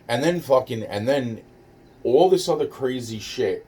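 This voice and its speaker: A man's voice: medium pitch, animated, unhurried, warm tone, breathy edge. Rambling, profane man telling a story. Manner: rambling, profane, many restarts and fillers. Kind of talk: casual first-person storytelling. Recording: distant mic with faint noise.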